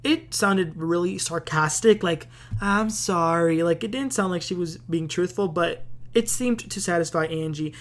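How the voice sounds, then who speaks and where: A woman's voice: fairly low pitch, lively intonation, moderate pace, few pauses. A woman hosting a casual TV recap, chatty and opinionated, with plenty of filler words. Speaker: host.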